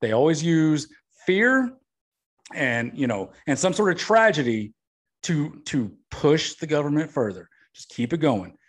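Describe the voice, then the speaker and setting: A man's voice: fairly high pitch, big pitch swings, a little slow. A man hosting a podcast, ranting bluntly about politics and swearing often. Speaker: podcast host. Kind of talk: political rant.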